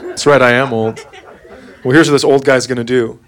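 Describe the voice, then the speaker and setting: A man's voice: mid-range voice, steady tone, fairly quick, background noise. A middle-aged man doing stand-up, telling a story about his son in a wry, exasperated dad voice. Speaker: stand-up comedian. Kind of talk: stand-up storytelling to a live crowd. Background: audience laughter.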